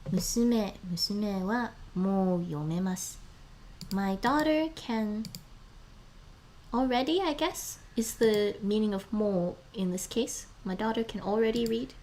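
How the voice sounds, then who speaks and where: A woman's voice: medium pitch, a little mellow, a little hiss or hum. Sex: woman. Role: streamer. Style: casual live chat, mumbles and whispers words under her breath, frequent laughter. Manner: sounds out words slowly, drops to murmurs and whispers; laughs often between phrases.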